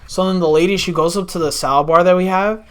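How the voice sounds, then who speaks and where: A young man tells stories on a podcast, his voice sitting a little high. He talks in a loose, animated way, swearing freely and slipping into the voices of the people in his stories. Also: fast talker, clear, resonant tone. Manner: animated, swears a lot, acts out quotes. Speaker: podcast guest. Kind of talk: casual storytelling.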